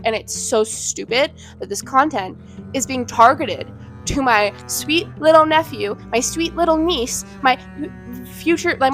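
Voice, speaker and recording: A woman in her twenties vents on her own channel in a heated, indignant rant, blunt and quick to swear. Her voice sits high, with faint music playing quietly beneath. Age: 20s. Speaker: vlogger. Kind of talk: ranting commentary to camera. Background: faint background music.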